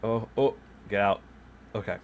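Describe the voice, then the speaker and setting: A man's voice: on the low side, moderate pace, a little hiss or hum. A man streaming a game at his home desk, chatting loosely and chuckling at himself into a microphone set beside him. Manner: rambling, chuckles often, self-mocking. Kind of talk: casual chat while gaming.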